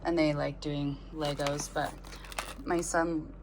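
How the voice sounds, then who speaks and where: A middle-aged woman narrating her vlog in a soft, casual way, talking to her animals and showing things at home. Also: flat delivery, slow. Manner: soft, talks sweetly to animals in a high voice. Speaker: vlogger. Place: outdoors in the snow on a small farm. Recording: outdoor noise with farm animals. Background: chickens and a rooster.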